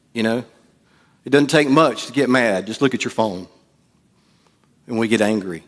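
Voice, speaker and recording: A man preaching a sermon as pastor, in a casual, joking way and acting out quotes. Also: medium pitch. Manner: conversational preaching with jokes and acted-out quotes. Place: church.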